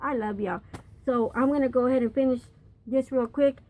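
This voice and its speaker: A woman's voice: sits high, steady tone, brisk, darkish tone, rough recording. An older woman, a grandmother, reading Bible passages aloud and explaining them in a chatty, folksy way. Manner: chatty, folksy asides, reads scripture aloud. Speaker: grandmother teaching Bible lessons.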